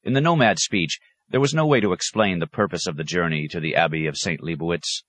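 A man narrating an audiobook in a measured, even storytelling manner. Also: low voice. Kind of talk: scripted narration.

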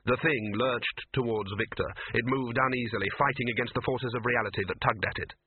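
A man reading a story aloud in a wry, even storytelling manner. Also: medium pitch, a little fast, slightly rough. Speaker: audiobook narrator. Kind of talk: scripted narration. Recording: tinny phone-like sound.

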